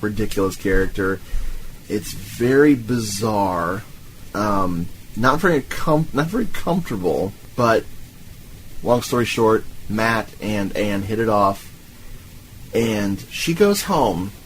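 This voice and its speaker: A man co-hosting a podcast, animated and profane, laughing as he recounts a film. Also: on the low side, slight background noise, poor audio. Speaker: podcast co-host. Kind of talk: casual film-review chat.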